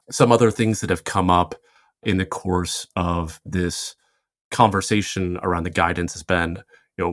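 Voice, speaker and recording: A man with a very low voice talks as a podcast guest, laying out details in long explanatory runs with quick asides. He keeps a casual, conversational tone throughout. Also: a bit bright, dry recording, studio quality. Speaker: podcast guest, fintech commentator.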